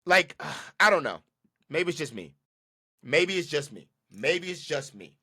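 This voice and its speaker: A man hosting a solo podcast rants about football with a bright, lively voice that swings up and down a lot. He repeats his points for emphasis and talks in a loose, slangy way. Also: fairly high pitch, unhurried. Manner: ranting, emphatic, repeats himself; slangy and casual. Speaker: podcast host.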